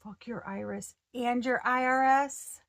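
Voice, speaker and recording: A woman giving a casual tarot reading, excitable and slangy, often breaking off mid-sentence to start over. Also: a little high, unhurried, creaky. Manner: slangy and profane. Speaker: tarot reader.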